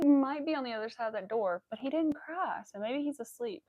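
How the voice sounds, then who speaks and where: A woman's voice: high voice, fairly quick, few pauses, darkish tone, dry recording. A young woman chatting casually and rambling with fillers while she crochets on a livestream. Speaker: crochet streamer.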